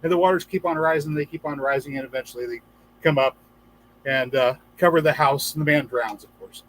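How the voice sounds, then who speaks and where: A man's voice: a little high, a little fast, fairly bright tone, slight background noise, low-quality recording. A man hosting a casual livestream for gardeners, chatting, reading viewer comments aloud and telling jokes with a few acted-out voices. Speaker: livestream host.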